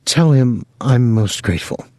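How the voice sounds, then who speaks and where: A man reading an audiobook, voicing a poised young actress with a calm, lightly ironic manner. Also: medium pitch, unhurried, no echo, clean studio sound, pitched above the performer's own voice. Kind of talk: audiobook character voice.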